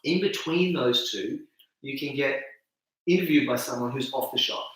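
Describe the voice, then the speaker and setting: Interview guest, male, animated explainer with a bright tone; recorded off-mic in an echoey room. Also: medium pitch, normal speed, distant mic. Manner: animated, acts out reactions with gasps and laughs. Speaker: video campaign founder, guest.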